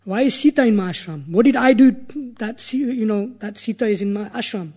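A man's voice: high-pitched, brisk, darkish tone, slightly rough, voice pushed up. A man voicing a former hunter turned sage who earnestly questions himself aloud, in a retold sacred story. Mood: wondering.

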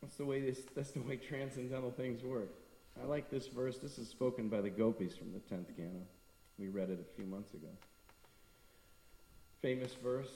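Middle-aged male speaker, devotional talk, animated anecdotes; long reverb, voice from a distance. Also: medium pitch, normal speed, gravelly. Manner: storytelling, acting out quoted people. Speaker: temple speaker. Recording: echoey hall from a distance.

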